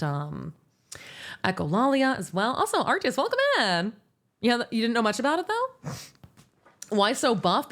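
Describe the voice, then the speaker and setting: Rambling, animated woman streamer. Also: mid-range voice. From United States. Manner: rambling and animated, with many restarts and laughs. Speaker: VTuber streamer. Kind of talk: casual livestream chat, answering chat.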